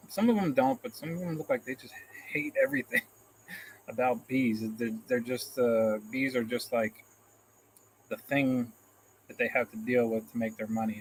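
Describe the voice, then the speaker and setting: A man's voice: medium pitch, slight background noise, rough recording. A man hosting a casual live stream, reading out comments in a rambling, self-deprecating way and chuckling often, into a phone camera. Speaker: livestream host.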